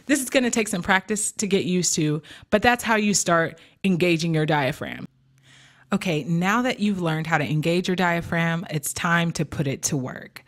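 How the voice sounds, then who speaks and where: A woman with a somewhat low-pitched voice teaches singing technique in an instructional video. She explains clearly and encouragingly, breaking each exercise into steps. She counts the beats aloud as she guides her students. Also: moderate pace. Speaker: vocal coach.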